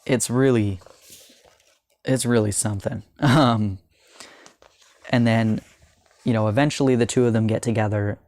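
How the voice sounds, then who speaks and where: A young man discusses a manga in a casual vlog review, earnest yet halting, restarting often and saying um a lot, while slowing and softening at emotional points. His lowish voice keeps a fairly even intonation.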